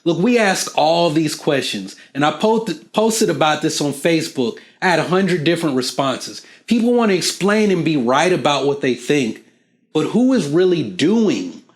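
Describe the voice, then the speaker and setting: A man hosting a casual explainer video, talking straight to the viewer in an animated way and acting out small dialogues. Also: a little high, moderate pace. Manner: animated, acts out little back-and-forth dialogues; asks the viewer questions. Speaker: video host.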